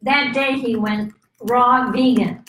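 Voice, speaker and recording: A woman's voice: a little high, steady tone, slow, fairly bright tone, echoey room, rough recording. A woman in an interview who prompts the guest and speaks about him in the third person.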